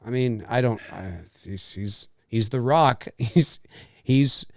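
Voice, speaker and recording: A man hosting a casual movie watch-along podcast, chatty and excitable. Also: medium pitch, slow pace, no echo, clean studio sound. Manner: chatty, excitable, many restarts. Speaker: podcast host.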